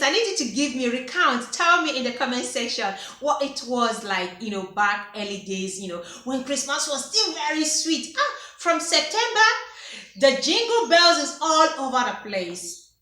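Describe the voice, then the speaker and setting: A Nigerian woman in her thirties tells childhood stories in a lively, teasing way and laughs often. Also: high-pitched. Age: 30s. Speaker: vlogger. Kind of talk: unscripted personal storytelling. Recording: echoey room.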